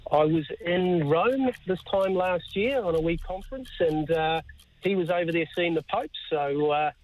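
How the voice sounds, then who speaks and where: A man's voice: a little high, moderate pace, a little mellow, low-quality recording. A man calling in to a radio show, telling a story with lots of hesitations. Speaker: caller. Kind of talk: phone-in anecdote.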